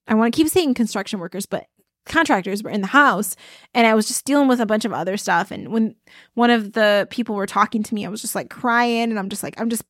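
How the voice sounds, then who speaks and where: Chatty woman coach, bright and dry. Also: on the high side, no room sound. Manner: chatty storytelling, addresses listeners as y'all. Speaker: podcast host and life coach. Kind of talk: casual motivational talk.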